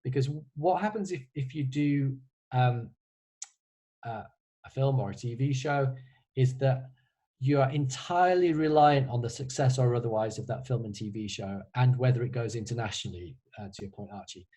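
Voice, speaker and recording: A man's voice: medium pitch, moderate pace, mellow, breathy edge, poor audio. A man who is a composer, answering student questions on a video call in a casual, hesitant way, with many restarts and a wry humor. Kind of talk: casual online Q&A.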